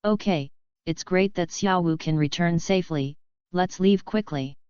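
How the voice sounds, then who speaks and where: A woman voicing a middle-aged male teacher in a storybook reading, speaking in a measured, cautious way. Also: fairly low pitch, a little mellow, clean tone, no room sound, close to an everyday voice. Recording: dull lo-fi recording.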